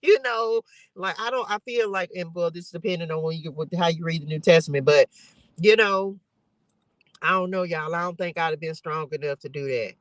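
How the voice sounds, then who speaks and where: Speaking briskly at a fairly low pitch, a woman runs a casual Bible study livestream and talks emotionally right to her audience. The recording is dry and low in quality.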